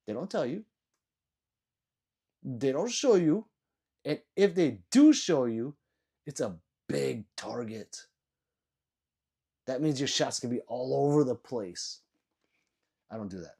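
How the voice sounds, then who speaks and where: A man's voice: medium pitch, animated, a little slow, gravelly, dark tone. A sleepy man live-streaming, ranting with lots of swearing and mocking, then reading chat messages aloud.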